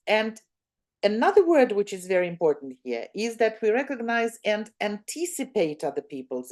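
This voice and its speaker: A woman's voice: medium pitch, darkish tone. A woman with a Russian accent leading an academic workshop, speaking conversationally with frequent fillers, restarts and questions to the audience. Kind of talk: online workshop lecture.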